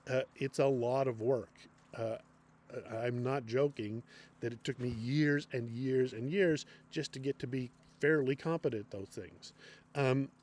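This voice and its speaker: Male acting teacher, middle-aged, rambling unscripted lecture, average pitch. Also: unhurried, a little mellow. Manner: unscripted, many ums and restarts. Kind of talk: classroom lecture.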